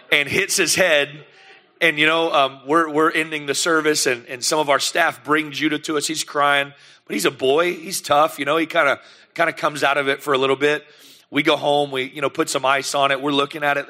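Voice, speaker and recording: A middle-aged man, a pastor telling lively family stories in a sermon and acting out the scenes. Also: on the high side. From United States. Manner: animated, lively storyteller who acts out scenes. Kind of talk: sermon storytelling.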